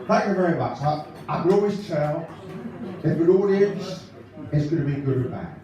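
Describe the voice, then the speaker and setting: A man's voice: on the high side, lively intonation, normal speed, dull audio, a crowd in the background, lightly acted. A man doing an impression of a nervous, giggly male stand-up comedian who rambles through his jokes at a live show. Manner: nervous laughing, rambling gag delivery. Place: live concert venue. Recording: echoey hall mic from far off.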